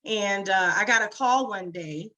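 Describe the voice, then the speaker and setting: A woman's voice: mid-range voice, a little slow, muffled recording. A woman business founder telling her story in a casual interview, chatty and full of "you know" fillers. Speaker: small business founder, guest.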